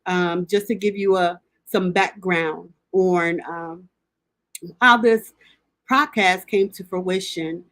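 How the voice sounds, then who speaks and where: A middle-aged woman with a fairly low voice hosts a grief recovery show. She talks in a heartfelt, halting way, full of ums and restarts, and sometimes sounds close to tears. The recording is dry and close. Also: steady tone, a bit bright, no echo. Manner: emotional, near tears at times. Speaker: grief recovery coach and podcast host. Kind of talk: heartfelt personal address.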